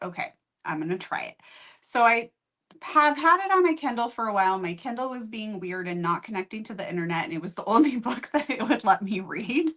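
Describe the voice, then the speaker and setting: Bright woman recounting a book. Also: mid-range voice. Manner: storytelling, conversational, thinks aloud. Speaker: book review co-host. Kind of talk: casual chat.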